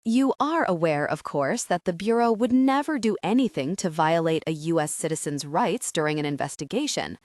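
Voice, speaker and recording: A woman reading the part of a male FBI agent, speaking dryly and calmly for an audiobook. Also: fairly low pitch, normal speed, few pauses, no echo, lightly acted. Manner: dry, bureaucratic calm. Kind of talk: audiobook character voice.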